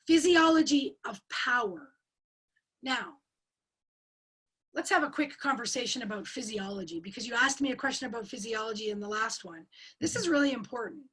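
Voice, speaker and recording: Brief: high-pitched woman coach, lively and quizzing, over a webcam call. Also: husky. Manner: energetic, asks the audience questions and repeats key words. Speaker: speaker at an online coaching forum. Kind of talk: interactive webinar teaching.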